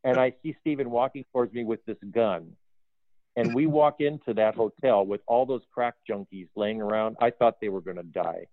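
A man working as a film art director, telling lively behind-the-scenes stories in a casual interview, acting out quoted dialogue and laughing often. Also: mid-range voice, moderate pace, dry recording. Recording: phone-like dry audio.

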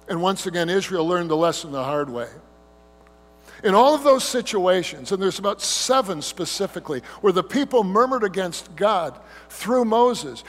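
A man with a high voice preaches a sermon, telling the story with animated delivery and slipping into whiny grumbling voices. His words ring out with a long hall reverb, over a low mains hum. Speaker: pastor.

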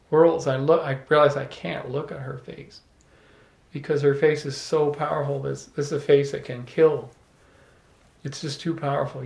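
Gravelly man telling a story. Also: fairly high pitch. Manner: animated, laughs often, repeats words when starting. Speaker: salon speaker. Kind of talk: storytelling to a small audience. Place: room with a small live audience. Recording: echoey room.

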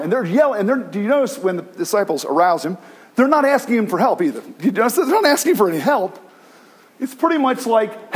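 A man preaching a sermon as pastor, animated, with many restarts, acting out the cries of the people he tells about. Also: high voice, brisk, husky.

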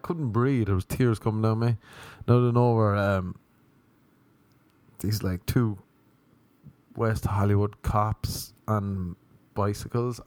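A man's voice: lowish voice, no room sound. Laughing, profane young man. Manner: laughing, profane, rambling storyteller. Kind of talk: casual anecdote.

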